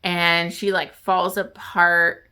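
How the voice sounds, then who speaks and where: A woman's voice: lowish voice, flat delivery, slow, pushed and bright, clean tone. A woman book vlogger casually retelling a novel's plot, rambling with many fillers and crying as she talks.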